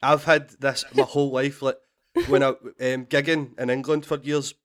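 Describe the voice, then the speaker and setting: Animated Scottish man telling stories. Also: mid-range voice, normal speed. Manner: animated storytelling, laughing, swearing, repeated restarts. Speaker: stand-up comedian, podcast guest. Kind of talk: casual podcast chat.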